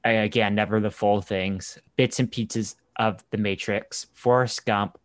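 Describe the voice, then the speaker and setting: A man's voice: lowish voice, steady tone, measured pace, dry recording. Easygoing young man from Canada, dry sound. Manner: rambling storyteller, easygoing. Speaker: podcast co-host. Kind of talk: casual chat.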